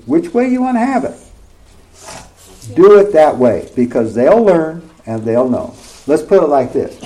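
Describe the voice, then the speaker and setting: A man's voice: on the high side, dark tone, low-quality recording. A middle-aged man preaching a sermon in a conversational way, often checking in with his listeners through rhetorical questions.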